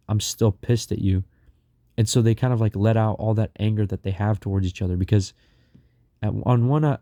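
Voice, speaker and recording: A man's voice: lowish voice, dark tone, no echo, studio quality. A young man casually telling a long story, rambling with lots of fillers and restarts.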